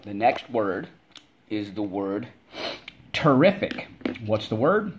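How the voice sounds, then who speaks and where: A man's voice: on the low side, big pitch swings, takes it slowly, noisy background. A man teaching a spelling lesson to kids, drilling words in call-and-response and stretching them out syllable by syllable.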